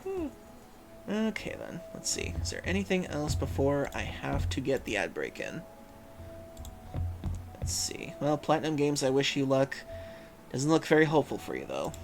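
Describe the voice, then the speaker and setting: A man hosts a livestream in loose, casual chat. His voice moves all over the place in pitch as he reads out viewers' messages, humming and pausing to think. Soft music plays underneath. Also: wildly swooping pitch, creaky. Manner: musing, reads chat aloud, frequent hums and fillers. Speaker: livestream host.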